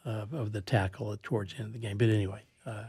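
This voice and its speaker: A man's voice: lowish voice, steady tone, fast talker, warm tone, breathy edge. A man hosting a casual sports talk show, rambling with many restarts. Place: studio.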